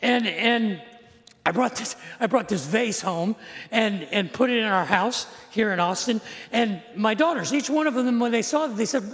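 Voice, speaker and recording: Middle-aged man, pastor, casual storytelling sermon with dry humor and questions to the congregation; high-set voice, reverberant hall. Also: expressive, moderate pace, fairly bright tone. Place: church sanctuary.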